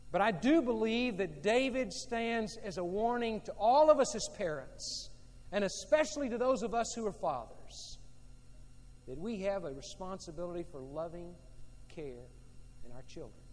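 A male pastor delivers a sermon in a high voice. He is emphatic and repeats his points, moving between loud and quiet. The long reverb of a large church hall trails every phrase. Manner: emphatic and repetitive, swinging between loud and hushed.

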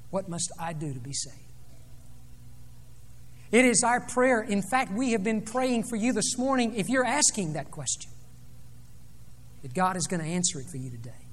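A man preaching a sermon, retelling a scripture story dramatically, rising loud and dropping soft. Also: high-pitched. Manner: dramatic storytelling with sweeping swings in loudness. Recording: long reverb of a large hall.

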